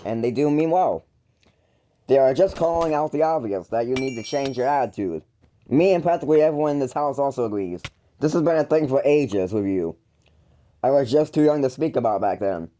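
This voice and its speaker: A man's voice: mid-range voice, lively intonation, fairly quick, mellow. A man ranting into the camera to call out his brother, stumbling and restarting often, mocking and exasperated. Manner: rambling, with frequent stumbles and restarts. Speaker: YouTuber calling out his older brother.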